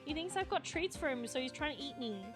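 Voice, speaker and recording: Young female streamer with a high voice, giggly and flustered while reading game text aloud; faint music underneath. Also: lively intonation, fast. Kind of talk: live game stream commentary.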